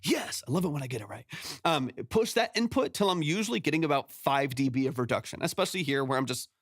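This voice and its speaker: This is a San Antonio, Texas music producer streaming from his home studio and offering casual mix feedback that wanders and self-corrects, peppered with "right?" He speaks quickly with lively intonation in a mid-range voice, recorded close on a compressed mic with no echo.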